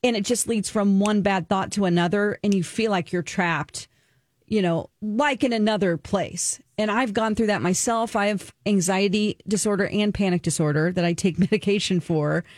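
A woman co-hosting a talk radio show speaks at a medium pitch with an earnest, open manner. She sounds emotional and personal as she talks through her own experiences. Her voice is recorded close on a studio mic with a dry sound and no room echo. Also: moderate pace, darkish tone. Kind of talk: casual talk-radio chat, reviewing a documentary.

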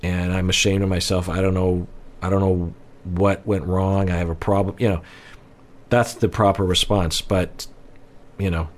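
A man, a relationship counselor, giving measured, analytical reaction commentary. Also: low-pitched.

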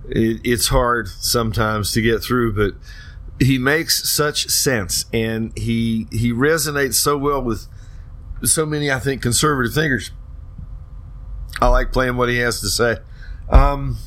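A man's voice: mid-range voice, fairly bright tone. Rambling talk-show host, man. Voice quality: rambling, with many restarts and hesitations. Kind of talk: casual talk-show commentary.

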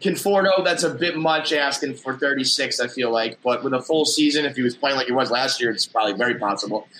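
A man's voice: medium pitch, quick pace, sharp tone, a little hiss or hum, low-quality recording. A middle-aged man co-hosting a casual sports podcast, rambling with restarts and easy laughter. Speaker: podcast co-host.

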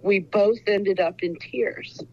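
A woman's voice: medium pitch, slow, muffled recording. A woman in her sixties from Ohio, an author talking earnestly in a casual interview, rambling with many fillers. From Ohio, USA. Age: 60s. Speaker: author guest.

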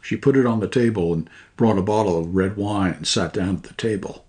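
A man narrating a short story in a measured, dry manner. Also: lowish voice, darkish tone. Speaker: audiobook narrator.

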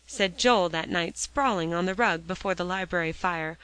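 A woman reading a children's novel aloud in steady storybook narration. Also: fairly low pitch, normal speed, hardly any pauses, clear, resonant tone, no echo, poor audio. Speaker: audiobook reader.

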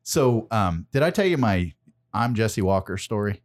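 Lively, joking man in his forties. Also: lowish voice, moderate pace. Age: 40s. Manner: joking, laughs often, swears freely. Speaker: podcast host. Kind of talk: casual chat.

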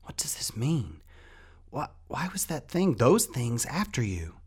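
A man voicing an excitable young boy who whispers breathlessly as he runs. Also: mid-range voice, a little slow, breathy edge, pitched above the performer's own voice. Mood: excited whisper.

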